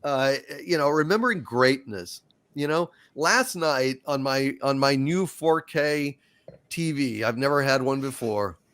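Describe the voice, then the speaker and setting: A man's voice: mid-range voice, lively intonation, a little slow, a bit bright, clear, resonant tone. A man hosting a casual live panel chat, talking emotionally in rambling, sweary bursts. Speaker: host.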